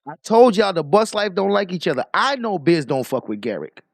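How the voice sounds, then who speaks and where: Gravelly high-voiced man hosting a livestream. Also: a little fast, no room sound. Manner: profane, animated, reads out donor messages. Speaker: livestream host. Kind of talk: casual livestream commentary.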